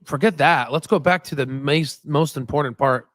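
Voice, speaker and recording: On the high side and a bit bright, this man's voice moves at normal speed in a dry, clean studio recording. He's the host of a stock market channel, casually rambling through viewer comments on a livestream and repeatedly adding "right?" as a filler.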